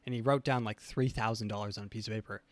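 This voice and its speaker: A young man co-hosting a podcast, telling stories in a casual, animated way and laughing often. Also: fairly low pitch, fast, dry recording. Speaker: podcast co-host. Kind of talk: casual storytelling chat.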